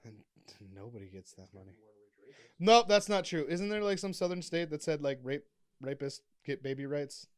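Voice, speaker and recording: A young man co-hosting a comedy podcast who rambles crudely and leans on "like." His voice is somewhat high. The recording is close and dry. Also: expressive, normal speed, smooth, no echo. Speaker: podcast co-host. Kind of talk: casual comedic chat.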